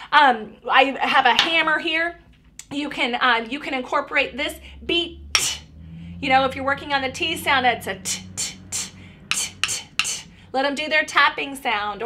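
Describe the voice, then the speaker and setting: Bright high-voiced woman giving speech tips. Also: a little hiss or hum. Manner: friendly, conversational, with many restarts. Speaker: speech therapist. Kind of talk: parenting tips video.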